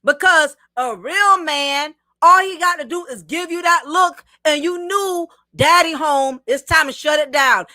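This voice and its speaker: Bright, high-pitched woman preaching emphatically. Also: unhurried, few pauses, no room sound, clean studio sound. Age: adult, married. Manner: emphatic, preachy, talks straight to the viewer. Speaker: livestream host. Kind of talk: casual commentary reading viewer comments.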